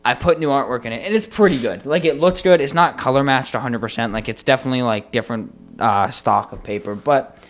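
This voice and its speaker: A man co-hosting a podcast, telling a story in casual chat with an animated, profane manner. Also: mid-range voice, fast talker, few pauses, a little hiss or hum. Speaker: podcast co-host.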